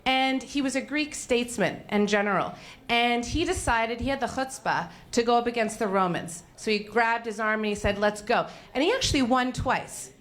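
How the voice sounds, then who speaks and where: A woman's voice: fairly high pitch, moderate pace, fairly bright tone. A young adult woman from Canada gives a candid, self-mocking storytelling talk on stage about her own failures, swearing freely. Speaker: speaker at a failure-stories event.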